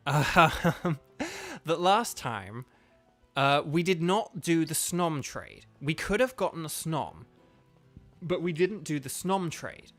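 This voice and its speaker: The young British voice actor and streamer speaks in a fairly high, fairly bright voice. He chats and rambles casually through a video game livestream with many fillers, while faint music sits in the background.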